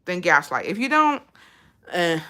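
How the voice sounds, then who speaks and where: A woman's voice: lowish voice, big pitch swings, unhurried, pushed and bright. A woman vlogger giving blunt, profane advice in a casual chat, telling a story with lots of swearing.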